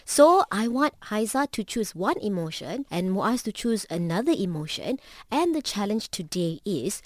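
A woman's voice: medium pitch, sing-song, normal speed, no room sound, studio quality. A woman with a Malaysian accent teaching English, patiently correcting students and switching between English and Malay. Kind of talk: bilingual classroom explanation.

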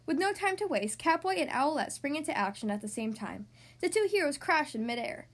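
Woman host, kids' storybook read-aloud, high and very expressive. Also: fairly quick. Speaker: podcast host reading to kids.

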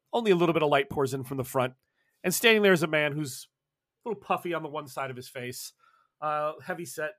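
A man's voice: fairly high pitch, dry recording, clean studio sound. A man running a tabletop role-playing game, narrating casually with lots of fillers and restarts. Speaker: game master.

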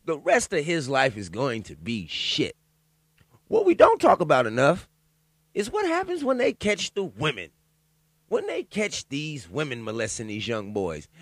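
A man talking alone in a loud, profane, joking commentary, riffing on a news story and reading parts of it aloud haltingly. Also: a little high, no room sound. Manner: loud, profane, animated riffing with laughs and asides. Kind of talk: casual profane commentary monologue.

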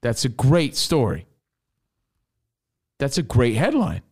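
A man's voice: mid-range voice, big pitch swings, slow pace, a little mellow, breathy edge. A man co-hosting a casual sports talk show, laying out his opinions emphatically. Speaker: radio co-host.

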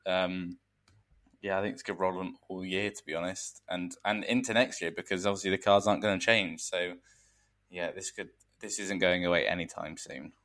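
Deep-voiced man chatting casually. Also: moderate pace. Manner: relaxed, rambling, many fillers. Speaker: podcast co-host. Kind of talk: casual chat.

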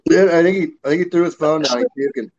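A man's voice: a little high, fast talker, a little mellow, a little hiss or hum. A man co-hosting a podcast, joking and groaning in casual chat over a video call. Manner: groaning, joking while eating hot chips. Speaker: podcast co-host. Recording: dull dry call audio.

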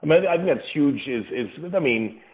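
A man's voice: a little high, expressive, brisk. A man being interviewed as a guest on a parenting podcast, speaking in an earnest, reflective way and explaining his views with everyday examples. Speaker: podcast guest, father of several kids. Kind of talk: casual interview answers. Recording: tinny phone-like line.

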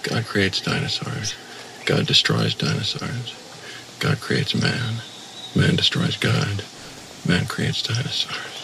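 A man doing a gravelly, halting celebrity drawl. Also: lowish voice, sing-song, noisy background, heavily acted. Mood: deadpan. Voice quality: gravelly, slow, halting delivery. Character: halting, drawling impression of a famous male actor.

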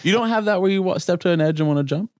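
A man in casual chat, telling animated stories and laughing often. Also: sits high, rapid-fire, dry recording, studio quality.

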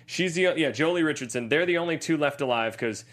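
A man's voice: fairly high pitch, a little fast, fairly bright tone. A man in his thirties co-hosting a casual movie podcast, joking and trying out silly voices. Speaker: podcast co-host.

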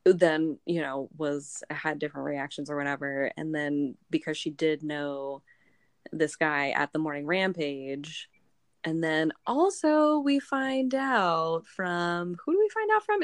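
A woman co-hosting a book podcast, recapping a novel in a rambling, animated way full of filler words. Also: low voice, measured pace, dry recording, studio quality. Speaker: book club podcast co-host. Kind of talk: casual chat recapping a novel.

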